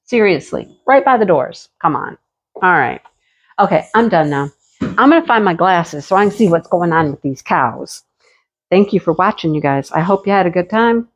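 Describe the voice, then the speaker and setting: A woman's voice: fairly low pitch, expressive, moderate pace, breathy edge. A woman hosting a crafting channel, talking casually and rambling a little, recorded outdoors. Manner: chatty, rambling, easily distracted. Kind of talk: casual chat.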